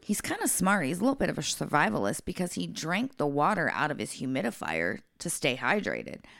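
Casting: low-pitched woman with a gravelly edge, blunt and profane, dry close mic. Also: big pitch swings, a little fast, fairly bright tone, no echo. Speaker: podcast co-host. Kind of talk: casual storytelling chat.

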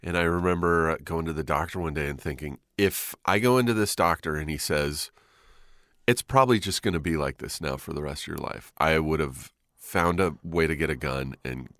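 Low-voiced man telling a story. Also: normal speed, fairly bright tone, no room sound, studio quality. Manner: laid-back, swearing, acts out quotes. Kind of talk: casual chat, storytelling.

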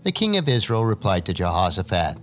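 A man's voice: fairly quick, soft background music. A man reading a Bible passage aloud in a lesson, raising his voice for the quoted speakers, then moving on to an essay. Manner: expressive reading, lifting pitch for quoted speakers. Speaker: scripture reader and teacher.

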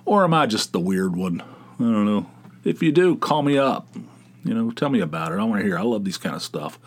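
A man's voice: on the low side, big pitch swings, brisk. A man hosting his own podcast, telling stories in a casual, rambling way. He interrupts himself often and laughs at his own tales. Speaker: podcast host. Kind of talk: casual solo storytelling.

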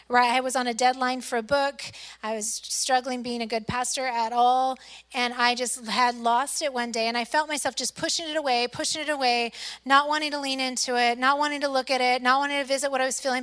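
A middle-aged woman pastor delivers a sermon in a high voice, earnestly recounting a personal story. She swings between loud emphasis and soft, hushed lines.

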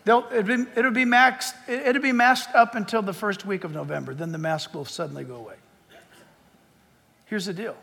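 A man preaching as a pastor, firing sarcastic rhetorical questions and building to forceful emphasis. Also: high-pitched, lively intonation, moderate pace, vocal fry, in a large hall, slight background noise. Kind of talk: sermon.

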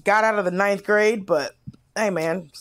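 A woman chats casually on a podcast and tells a story with lively expression. Her voice moves up and down as she talks. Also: medium pitch, measured pace. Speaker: podcast co-host.

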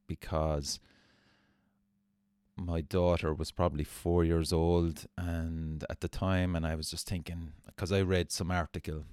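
A low-voiced man hosting a podcast, spinning a long, self-mocking story and swearing freely. He sounds close and dry, with no room around him. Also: darkish tone, smooth, dry recording. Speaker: podcast host. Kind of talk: casual storytelling.

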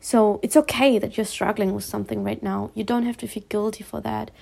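A woman from Spain giving a heartfelt personal talk as a self-healing vlogger. She speaks haltingly, restarts often, and reassures her listener earnestly. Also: mid-range voice, vocal fry, darkish tone.

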